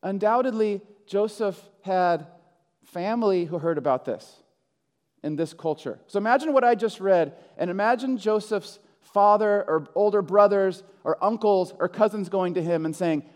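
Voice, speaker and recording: A male pastor delivers a sermon in a high voice, slipping into dramatic quoted voices for the figures he describes. His words ring out with a long reverb, as in a large church sanctuary. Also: normal speed.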